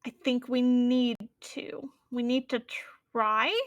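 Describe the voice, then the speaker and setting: A woman speaking as an earnest young adventurer, high-voiced and protective, who pleads steadily with her companions in a tabletop role-play. The voice is high and recorded dry and close. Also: steady tone, slow pace, fairly bright tone, no echo, lo-fi sound.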